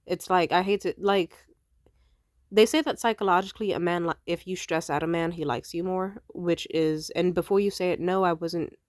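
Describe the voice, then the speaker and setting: A woman's voice: lowish voice, fairly even intonation, moderate pace, no echo. A young adult woman telling a personal story in a casual, rambling way, blunt and heavy on profanity. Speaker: vlogger.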